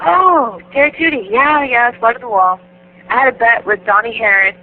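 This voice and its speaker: Animated woman telling stories over the phone. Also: fairly high pitch, moderate pace. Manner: animated, laughing, acts out the voices in her stories. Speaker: guest wrestler. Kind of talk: casual storytelling interview. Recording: tinny phone line, faint hiss.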